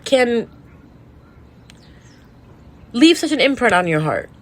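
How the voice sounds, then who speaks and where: A woman with a slightly high voice tells a personal story in a casual monologue. She sounds sad and close to tears, and often stops and restarts her sentences. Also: very animated, takes it slowly. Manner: emotional, rambling with restarts. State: sad, tearful. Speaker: tarot reader.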